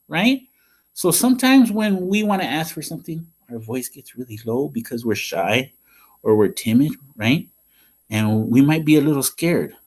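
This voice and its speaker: A man giving a patient, sing-song lesson to young children as a school counselor, checking in often with "okay?". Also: mid-range voice.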